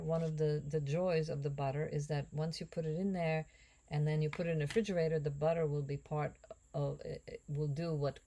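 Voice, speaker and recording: A woman chatting casually as she cooks, rambling and musing aloud, with drifting asides and breathy whispered jokes. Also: low-pitched, dark tone. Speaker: home cook and actress. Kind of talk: casual cooking vlog chat.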